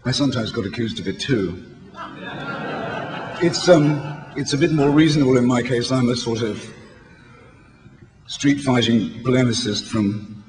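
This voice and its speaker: Hoarse older British man speaking in a hall. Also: medium pitch. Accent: British English. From England. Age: 60s. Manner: wry, eloquent and polemical, with halting restarts. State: hoarse, failing voice. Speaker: speaker addressing a convention. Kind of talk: public speech. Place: large hall before an audience. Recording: reverberant hall with faint background noise.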